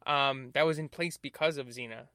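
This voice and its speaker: A man's voice: medium pitch, moderate pace, bright, forceful tone, smooth, no room sound, clean studio sound. A man in casual podcast chat who explains at length, swears casually and keeps affirming with "right" and "mm-hmm".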